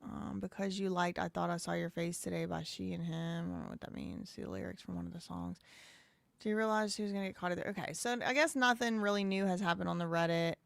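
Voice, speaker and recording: A woman's voice: on the low side, animated, fast talker, creaky, dry recording. A woman hosting a live stream, chatting casually, laughing and repeating phrases as she goes. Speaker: live show host.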